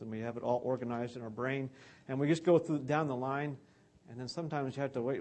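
A man's voice: mid-range voice, brisk, a little mellow. A man giving an earnest, conversational sermon about scripture.

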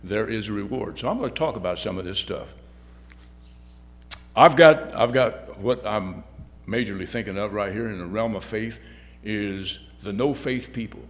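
Man preaching in a reverberant hall. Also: on the low side. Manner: halting, repeats words, swings loud and soft. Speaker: lay preacher. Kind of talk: sermon.

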